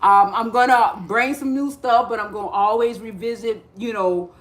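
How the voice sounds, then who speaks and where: A woman's voice: on the high side, normal speed. A woman hosting a casual live spiritual talk, slangy and repetitive, often breaking into laughter as she addresses her chat. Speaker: spiritual livestream host.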